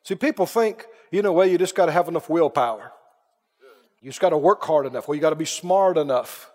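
A man's voice: a little high, lively intonation, a little fast, a little mellow, big-room sound. A man preaching a sermon who moves from folksy storytelling to fervent preaching.

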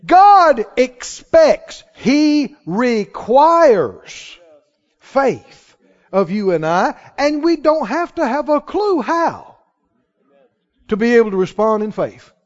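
A man preaching a sermon in a church, acting out the quoted voices of others and rising to shouts of conviction. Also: very high-pitched, slow pace. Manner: animated, acts out quoted voices, rises to shouts. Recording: reverberant hall, dull lo-fi sound.

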